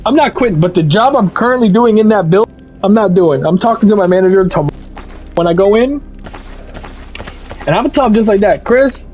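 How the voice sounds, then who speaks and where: Profane young man ranting, high voice. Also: quick pace, long pauses. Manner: profane, animated storytelling with quoted voices. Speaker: streamer. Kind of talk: casual rant over gameplay. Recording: slightly muffled, faint music.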